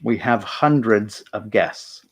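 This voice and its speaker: A man's voice: fairly low pitch, takes it slowly, slight background noise. A man voicing a stern female leader in a fantasy tabletop game, giving firm orders in his own voice. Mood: commanding.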